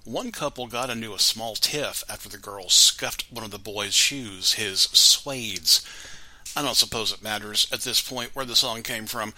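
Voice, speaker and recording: A man's voice: on the low side, measured pace, pushed and bright, no room sound, poor audio. A man hosting a music show, introducing songs with wry, sarcastic asides in a casual scripted way. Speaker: radio show host.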